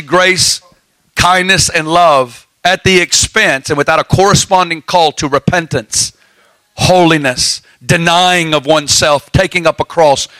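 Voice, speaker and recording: Male preacher, high and bright, fervent exhorting sermon delivery, laughs often, dry close sound. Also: no echo.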